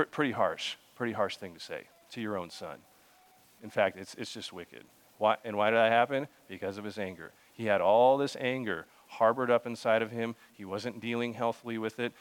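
Conversational young male preacher. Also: fairly low pitch. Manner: conversational, with many restarts and asides to the congregation. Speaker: pastor. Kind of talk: sermon.

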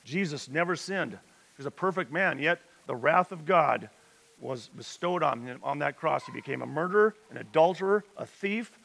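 A man's voice: on the high side, expressive, normal speed, creaky, a bit bright. A man preaching a sermon, retelling scripture in a conversational storytelling way with emphatic rises. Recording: reverberant hall.

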